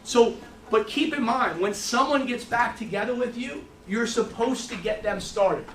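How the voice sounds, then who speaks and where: A middle-aged man leads a sales training session and talks fast in stories, often restarting his sentences. His voice sits high and sounds bright and forceful. He is picked up from some distance in an echoey room. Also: a little hiss or hum. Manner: fast storytelling with lots of restarts. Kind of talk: motivational training talk.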